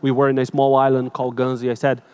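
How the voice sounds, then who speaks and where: A male pastor preaching an emotional sermon through personal stories, animated and dramatic, shifting between loud and hushed, with slightly broken English phrasing. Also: medium pitch, fast talker, clean tone.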